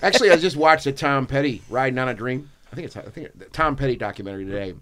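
A man's voice: mid-range voice, very fast, fairly bright tone. A man co-hosting a film podcast, chatting casually and rambling with lots of restarts. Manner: rambling, enthusiastic, many ums and restarts. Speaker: podcast co-host. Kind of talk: casual chat.

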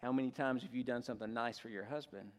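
A man's voice: medium pitch, fairly even intonation, fast talker, big-room sound. A male pastor preaching a sermon, rising and dropping his voice for emphasis.

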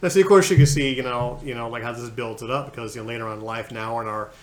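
A man's voice: medium pitch, fast. Hesitant man in his forties. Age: 40s. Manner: hesitant, many fillers, laughing along. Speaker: interview host. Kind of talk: casual interview chat. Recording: roomy echo, faint noise.

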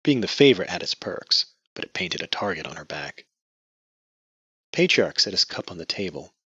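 A man narrating a novel in measured, scripted storytelling. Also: deep voice, big pitch swings, pushed and bright, slightly rough, no echo. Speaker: audiobook narrator. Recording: muffled lo-fi dry recording.

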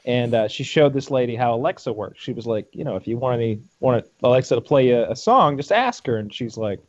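A man chatting casually with friends, telling stories with animated delivery and laughs. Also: mid-range voice, a little fast, dry recording. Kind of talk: casual chat. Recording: dull dry lo-fi recording.

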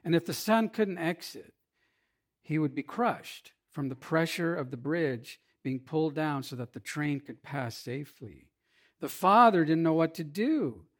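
A man preaching a sermon, swinging between emphatic loud lines and hushed, quiet passages. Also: on the high side, lively intonation, a little slow. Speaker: pastor.

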